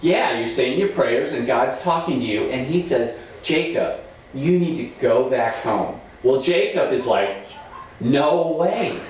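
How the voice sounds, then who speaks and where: A man teaching a Sunday school class of children, retelling a Bible story in a lively, playful way. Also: medium pitch, a little slow, slight background noise. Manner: animated storytelling to kids. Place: church room. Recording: echoey room, far from mic.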